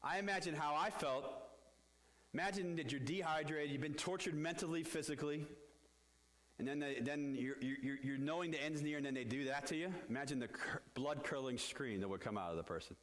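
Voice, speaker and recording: A middle-aged man preaching as pastor, telling a story with sudden loud outbursts and quiet low asides. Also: brisk. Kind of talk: storytelling sermon. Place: church. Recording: echoey church hall.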